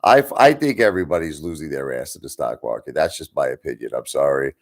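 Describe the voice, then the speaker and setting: A man's voice: rumbling low, expressive, fast talker. A man hosting a livestream, ranting bluntly at his viewers, swearing and mocking them. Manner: blunt, swearing, mocks viewers in put-on voices. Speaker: livestream host.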